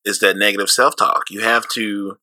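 A man's voice: lowish voice, level tone, normal speed, sharp tone, no room sound. A man with a St. Louis accent co-hosting a podcast in casual chat, rambling loosely, laughing often and swearing freely. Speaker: podcast co-host.

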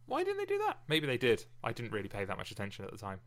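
A man co-hosting a casual, animated chat about poetry. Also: on the low side, rapid-fire.

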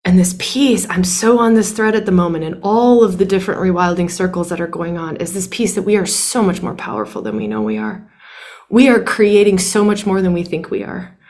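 A woman's voice: on the low side, a little fast, a little mellow. Emphatic woman teaching, swears freely. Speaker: women's workshop teacher. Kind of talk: impassioned teaching talk.

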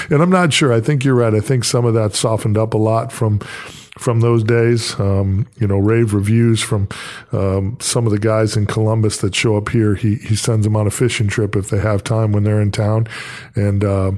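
A man's voice: lowish voice, steady tone, normal speed, a little mellow. A man hosting a podcast, telling casual stories and often laughing as he talks. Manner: chatty storyteller, laughs while telling anecdotes. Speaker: podcast host. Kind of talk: casual interview chat.

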